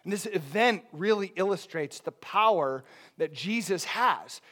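A man preaching a sermon, his delivery dropping soft and then rising loud. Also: high-pitched, animated, a little slow. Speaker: pastor.

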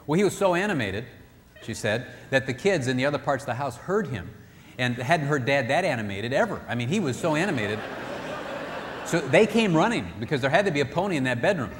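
This marriage seminar speaker has a medium-pitched, very animated voice and talks a little fast. He tells stories to the audience, acts out quoted voices, and hammers points home with repetition, all captured in a reverberant hall with faint background noise.

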